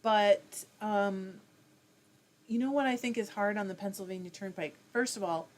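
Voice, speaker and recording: A woman's voice: mid-range voice, fairly even intonation, moderate pace. A woman hosting a casual livestream, reading viewer comments aloud and answering them in a chatty way. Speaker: livestream host reading chat. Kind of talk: casual live chat. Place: home, fiber arts livestream.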